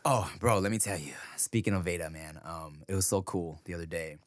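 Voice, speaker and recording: A man in his thirties, a podcast co-host, telling animated stories about his toddler in casual chat. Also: fairly quick, no room sound, studio quality. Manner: animated storyteller, acts out his toddler in a high voice.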